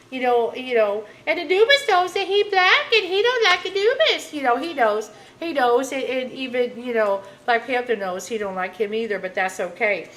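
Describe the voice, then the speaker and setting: A woman's voice: a little high, fairly bright tone, poor audio. A woman tarot reader talking to camera in a casual, rambling rant, blunt and full of filler phrases.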